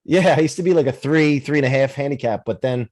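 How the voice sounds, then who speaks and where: A man's voice: medium pitch, fast, a little mellow. A man from the United States hosting a casual interview podcast, chatty and loose, often restarting with "uh" and "like". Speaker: podcast host.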